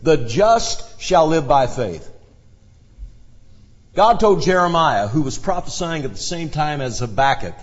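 High, lively male preacher in a reverberant hall. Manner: expository Bible teaching, dramatic shifts in emphasis. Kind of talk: sermon. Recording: dull lo-fi sound with long hall reverb.

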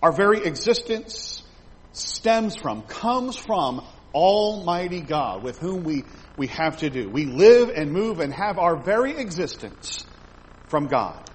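A middle-aged man preaching a sermon, emphatic, swelling louder on key phrases and repeating words. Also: a little high, sing-song, slow, slight background noise, poor audio.

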